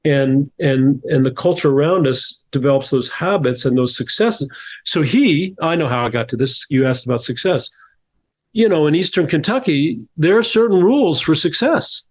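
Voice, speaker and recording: A man's voice: on the high side, lively intonation, normal speed. A middle-aged man from New Jersey, a guest telling stories in a casual interview, thoughtful, with frequent restarts and repeated words. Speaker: podcast guest, author and coach.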